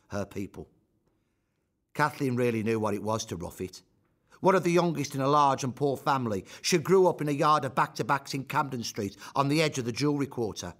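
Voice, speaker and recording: A man narrating a scripted historical account, measured, with rhetorical questions. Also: mid-range voice.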